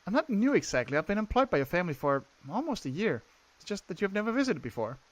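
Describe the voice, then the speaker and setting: A man's voice: high-pitched, very animated, fast, pitched above the performer's own voice. A man voicing a polite young female housemaid in a game he is playing through, speaking deferentially.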